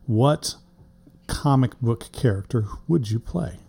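A man hosting a relaxed interview, circling through long questions with frequent restarts. He laughs easily and keeps things light. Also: mid-range voice, takes it slowly, gravelly, breathy edge. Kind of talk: casual interview chat.

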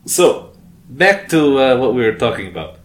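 A man's voice: mid-range voice, big pitch swings, moderate pace, reverberant. A man narrating as game master in a tabletop game, playful and often laughing.

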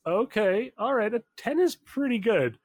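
Male game master, relaxed and loose, slow delivery. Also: high voice, no echo. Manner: loose, filler-heavy, laughs often. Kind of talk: narrating a tabletop game.

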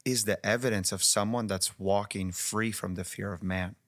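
A man's voice: on the low side, fairly even intonation, moderate pace, a bit bright, no room sound, clean studio sound. A man hosting a faith podcast and asking thoughtful, affirming interview questions. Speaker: podcast host.

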